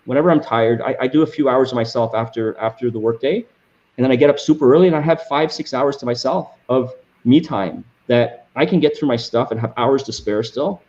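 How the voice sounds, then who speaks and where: A man's voice: mid-range voice, a little fast, darkish tone, lo-fi sound. A man answering as a guest in an interview. He talks with passion and often repeats words as he restarts his sentences. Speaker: guest entrepreneur.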